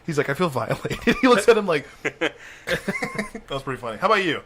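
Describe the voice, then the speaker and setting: A man's voice: fairly high pitch, sing-song, fast, a bit bright, slight background noise. A young man from Virginia, a podcast host telling casual stories and laughing often. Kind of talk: casual storytelling chat.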